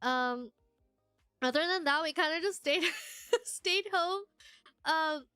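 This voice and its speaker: Giggly, rambling woman streamer with a bright voice, quiet music underneath. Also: extremely high pitch, takes it slowly, dry recording, studio quality. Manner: giggly, rambling with many fillers. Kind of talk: casual livestream chat, reading chat aloud.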